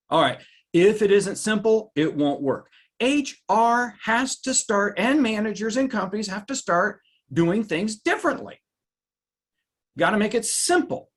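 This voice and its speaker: A man presenting a live webinar, animated, reading out viewers' reactions by name and jumping up in pitch for emphasis. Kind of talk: lively live webinar talk.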